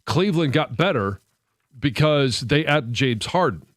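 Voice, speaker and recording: Measured sports radio co-host, dry mic. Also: male voice, medium pitch, animated, no room sound. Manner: measured, pushes back, halting restarts. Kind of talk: sports talk radio banter. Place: radio studio. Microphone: studio microphone.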